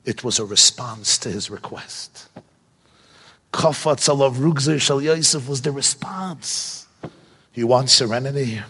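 Animated male preacher in a reverberant hall. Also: mid-range voice, unhurried, slightly rough. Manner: animated, rhetorical questions, chuckles. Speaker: Torah teacher. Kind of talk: sermon-style Torah class.

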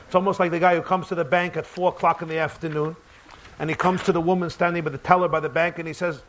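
A rabbi, preaching emphatically in a repetitive cadence and mixing in Hebrew and terms. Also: male voice, a little high, flat delivery, fast, noisy background. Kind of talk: sermon with jokes.

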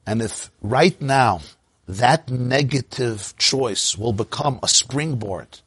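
Husky man in reflective teaching. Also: mid-range voice, lively intonation, takes it slowly, fairly bright tone, dry recording. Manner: reflective, explains terms to his listener. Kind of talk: conversational teaching.

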